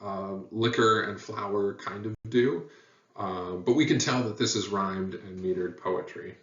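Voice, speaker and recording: Lecturing man, lowish voice, plenty of ums, roomy and dull distant sound. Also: a little slow. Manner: relaxed, thinking aloud with many fillers. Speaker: teacher. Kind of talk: recorded lecture. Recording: echoey room heard from far, dull sound.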